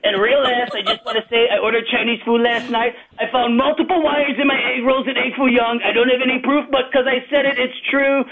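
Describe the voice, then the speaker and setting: A man's voice: very high voice, little pitch movement, creaky, a loud crowd. A man from Chicago with a Chicago accent, calling in to a sports radio show and rattling through topics at speed. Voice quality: fast, scattered, jumping topics. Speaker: caller. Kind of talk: rapid-fire call-in rant. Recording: tinny phone line.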